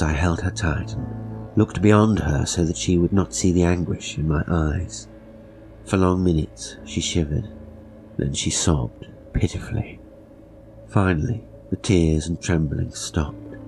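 A man narrating a horror story in a measured, grave way, sometimes dropping to a whisper. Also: low voice. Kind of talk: dramatic horror story reading.

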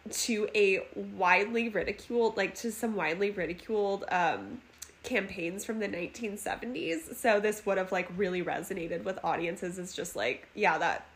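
A woman's voice: medium pitch, moderate pace. A woman co-hosting a casual podcast, reading out a movie plot summary and laughing often. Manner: giggly, reads plot summary between laughs. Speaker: podcast co-host. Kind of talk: casual movie recap chat.

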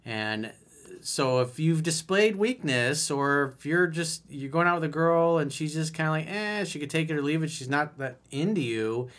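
A man's voice: on the high side, expressive, normal speed, fairly bright tone. Blunt, emphatic man giving dating advice. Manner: emphatic, blunt, conversational, reads out listener messages. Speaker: dating coach. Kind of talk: solo advice monologue.

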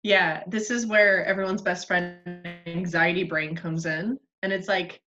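A woman chatting casually as a guest on a podcast, self-deprecating and quick to laugh. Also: on the low side, steady tone, sharp tone, soft background music. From United States. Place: Australia. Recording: slightly dull lo-fi sound.

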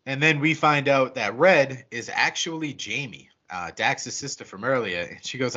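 A man casually retelling a film's plot on a podcast, swearing freely and slipping into quick voices for the characters. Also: mid-range voice, sharp tone, muffled recording. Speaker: podcast co-host. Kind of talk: casual movie recap.

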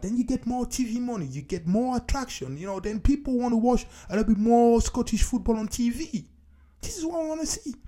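An emphatic talk show host delivering a solo opinion rant. The voice is mellow and warm, and the pitch swings widely as points get pressed. Key phrases come back again and again for emphasis. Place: based in Scotland.

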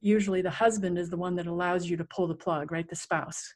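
A middle-aged woman, an interview guest, telling a personal story in a vivid, animated way that acts out sounds and quotes. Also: fairly low pitch, a little fast.

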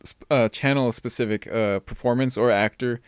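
A man's voice: medium pitch, fairly even intonation, a little fast, clean tone, no room sound, studio quality. Hesitant man podcast co-host. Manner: hesitant, full of fillers and restarts. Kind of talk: casual chat.

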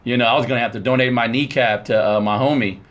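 A man co-hosting a casual sports podcast, excitable and playful. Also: mid-range voice, fast. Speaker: podcast co-host.

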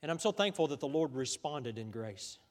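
A man's voice: mid-range voice, animated, moderate pace. A middle-aged man preaching a sermon as pastor, talking conversationally with frequent restarts and questions to the congregation. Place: church sanctuary. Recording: long church hall reverb.

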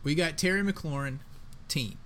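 A man co-hosting a casual sports podcast, talking in an emphatic, excitable way with plenty of slang. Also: on the high side, a little slow. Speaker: podcast co-host.

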